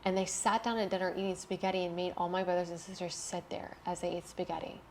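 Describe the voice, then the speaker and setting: A woman's voice: fairly low pitch, level tone, fast talker, a little mellow, a little hiss or hum. A young adult woman, an interview guest, telling a painful personal story candidly and emotionally, swearing freely.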